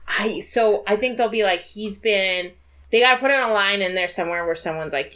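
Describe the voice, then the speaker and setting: A woman's voice: mid-range voice, fairly quick, fairly bright tone. A woman co-hosting a podcast in casual chat, talking loosely and laughing often. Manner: chatty, laughs often, reads quotes aloud. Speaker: podcast co-host.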